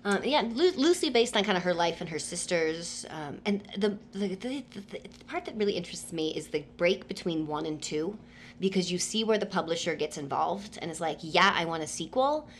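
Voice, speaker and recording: A woman co-hosting a casual book-club podcast, chatty and animated, with many fillers and restarts. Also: lowish voice, brisk, slight background noise. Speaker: podcast co-host.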